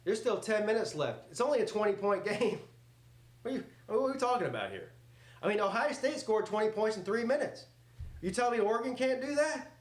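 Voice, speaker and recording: Guy yelling at a football game on a live stream, cussing, talking back to chat, kinda high voice, roomy echo. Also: sing-song, a little fast. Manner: loud, joking, swears freely, talks back to chat. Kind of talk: casual live reaction commentary.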